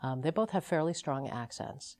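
A woman's voice: low-pitched, lively intonation, moderate pace, darkish tone. A woman TV journalist with a big broadcaster voice, telling a story about herself in an interview. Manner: reflective, anecdotal.

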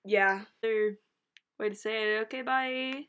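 A woman's voice: a little high, steady tone, slow, a bit bright, clear, resonant tone. A woman vlogging through her makeup routine in a chatty, goofy way, joking and swearing to herself. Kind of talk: casual makeup tutorial vlog.

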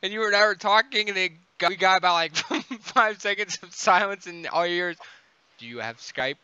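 A man's voice: sits high, fairly even intonation, a little fast, sharp tone, smooth, no echo. A young man in casual chat with a friend, giggling and swearing as he recalls a story. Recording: dry dull lo-fi audio.

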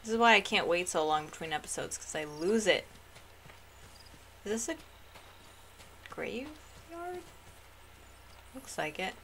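A woman narrating her own video game session in a relaxed, slow-paced chat, poking fun at her own skills. When a fight gets tense she breaks into shrieks and nervous laughter. A steady hiss of noise sits under her voice. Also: mid-range voice. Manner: chatty and self-mocking. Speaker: gaming channel host. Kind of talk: casual gameplay commentary.

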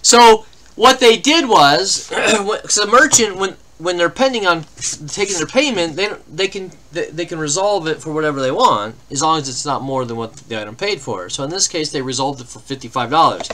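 At normal speed, a man with a fairly high, expressive voice that sounds pushed and bright is hosting a live card break. He chats in loose, rambling anecdotes and then reads off name-and-team pairs.

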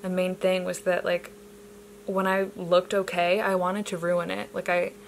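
A young adult woman chatting casually to camera as a vlogger, bubbly and gushing at times, then drifting into soft, reflective musing. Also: fairly low pitch, little pitch movement, a little slow, creaky, slight background noise, low-quality recording. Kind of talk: casual vlog chat.

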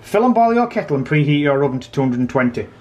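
A man's voice: fairly high pitch, sing-song, fast, darkish tone, roomy sound, rough recording. A man with a South Yorkshire accent, co-hosting a casual home vlog and teasing his husband. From South Yorkshire, England. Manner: teasing, chatty. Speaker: vlog co-host. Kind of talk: casual chat. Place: home kitchen.

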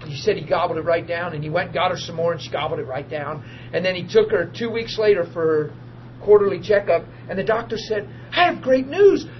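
A man preaching to a small group, telling testimony stories in a lively, informal way and acting out the people in them. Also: high-pitched, a little fast. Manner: animated, acts out quoted voices, laughs often. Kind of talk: informal sermon storytelling. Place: small group meeting room. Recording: dull lo-fi archive recording with faint hiss.

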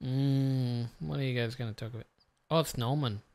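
A let's-play commentator who swears often and talks straight to the viewers, muttering to themself and then bursting out excitedly. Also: medium pitch, normal speed. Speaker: gameplay commentator.

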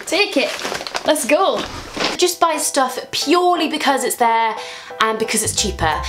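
Chatty young woman vlogger. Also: on the high side. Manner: chatty, playful, jumps into sketch voices. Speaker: comedy vlogger. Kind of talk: comedy sketch vlog. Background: background music.

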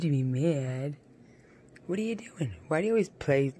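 A woman talking to her pet dog in doting baby talk, often climbing high, in a home video. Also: lively intonation, moderate pace, mellow, slight background noise. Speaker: pet owner.

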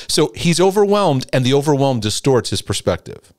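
A middle-aged man preaching to his listeners, his voice swooping up and down. He jumps into high, pleading voices when he mimics people's prayers. The sound is dry and close. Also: sing-song, brisk, dry recording. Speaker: Christian teacher and coach. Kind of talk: sermon-style teaching broadcast.

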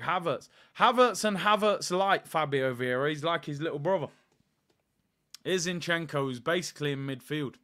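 A young man casually commentating live on a match for his fan channel, chatty and excitable, switching between play-by-play and asides to his viewers. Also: fairly high pitch. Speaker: fan channel host doing a live watchalong.

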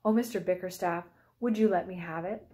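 A woman voicing an eager young girl who dreams of being a writer, in an excited, enthusiastic way, in a storybook read-aloud. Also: on the low side, fairly quick, close to an everyday voice.

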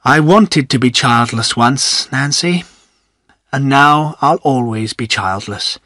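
A man doing a regretful wealthy gentleman in a storybook, sad and subdued. The reading is slow and dry. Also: no echo. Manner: low, sad.

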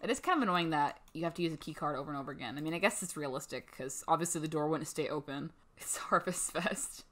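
Brief: young adult woman, gaming host, playful chatty commentary, slightly low pitch. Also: animated, fast, hardly any pauses, fairly bright tone. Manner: chatty, playful, voices her characters' thoughts. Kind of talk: casual let's-play commentary.

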